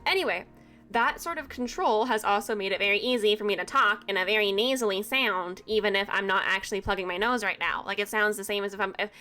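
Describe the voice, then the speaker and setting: Bright Atlantic Canadian woman streamer. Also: mid-range voice. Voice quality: slight Valley Girl sound. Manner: chatty, rambling, laughs often. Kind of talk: casual chat while gaming.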